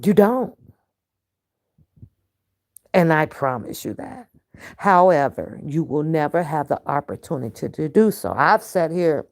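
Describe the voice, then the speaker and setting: A woman's voice: sits low, big pitch swings, measured pace, pauses often, darkish tone. A woman ranting straight at her viewers in a casual vlog, profane and often laughing. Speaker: reaction vlogger. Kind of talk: casual to-camera rant.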